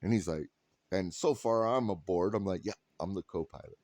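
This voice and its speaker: A man's voice: low voice, moderate pace, darkish tone, no room sound. A man in his thirties telling a funny story in a casual vlog, quoting people and laughing often. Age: 30s. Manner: rambling with restarts and "like". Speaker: vlogger.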